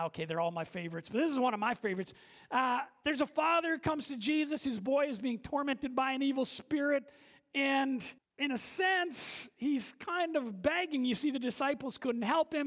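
A woman pastor giving a sermon in a conversational, emphatic way, often checking in with her listeners. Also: high-pitched. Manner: conversational, emphatic preaching with frequent "okay?" check-ins.

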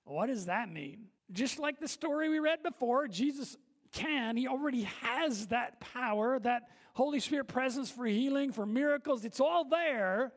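High-voiced woman preaching emphatically. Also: animated, normal speed. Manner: conversational, emphatic preaching with frequent "okay?" check-ins. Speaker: pastor. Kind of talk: sermon.

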